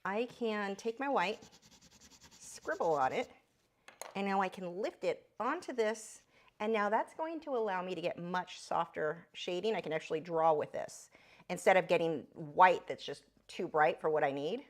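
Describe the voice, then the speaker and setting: Woman, art teacher, live drawing tutorial, chatty, fairly low voice. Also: lively intonation, normal speed. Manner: chatty, talks back to her pet bird; high squeaky voice when talking to her bird. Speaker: art instructor.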